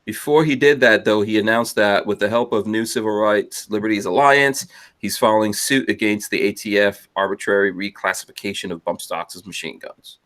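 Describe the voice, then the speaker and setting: A man's voice: lowish voice, steady tone, normal speed, fairly bright tone. A man hosting a casual podcast, rambling and teasing his co-hosts with lots of fillers. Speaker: podcast host.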